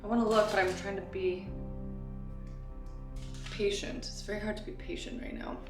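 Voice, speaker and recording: A woman vlogging in a rambling, chatty way, full of "like" and "um", sometimes dropping to hushed asides. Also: mid-range voice, little pitch movement, moderate pace. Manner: rambling and chatty, heavy use of "like" and "um". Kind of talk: casual confessional vlog. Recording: echoey room with background music.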